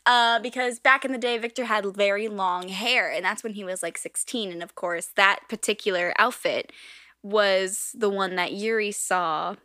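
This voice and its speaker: A young woman co-hosting a podcast, retelling episode events in an animated, gushing way. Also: medium pitch, normal speed, no echo, studio quality. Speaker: podcast co-host. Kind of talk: casual recap chat.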